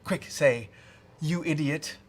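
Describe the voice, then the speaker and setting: A man's voice: on the high side, takes it slowly, slight background noise. A man playing a tabletop game who eagerly feeds lines to another player.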